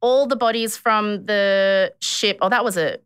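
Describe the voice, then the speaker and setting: A woman's voice: medium pitch, steady tone, a little slow, fairly bright tone, clean tone, no echo, clean studio sound. A woman hosting a podcast, telling a story in a chatty way, with many fillers and laughs. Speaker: podcast host. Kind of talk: casual chat.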